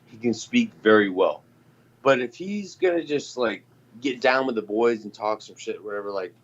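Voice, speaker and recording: A man in casual chat, telling stories in a profane, animated way. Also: mid-range voice, muffled recording.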